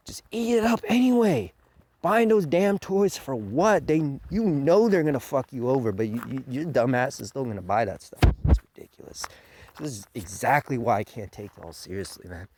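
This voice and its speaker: Animated, profane man ranting a review. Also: a little hiss or hum. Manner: animated, profane, mocking with high put-on quotes. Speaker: show reviewer.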